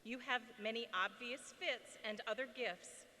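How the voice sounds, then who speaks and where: A woman reading a reflective passage in a deliberate, formal way to a ceremony audience in a large indoor arena. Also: a little high, bright, forceful tone. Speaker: ceremony speaker leading reflection. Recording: long arena reverb, faint hum.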